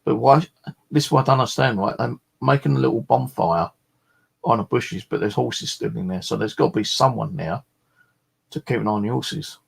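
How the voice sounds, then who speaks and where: A man's voice: medium pitch, a little fast, creaky, slightly rough. A man chatting casually in a vlog, a rambling storyteller full of fillers and the odd swear word. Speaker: vlogger.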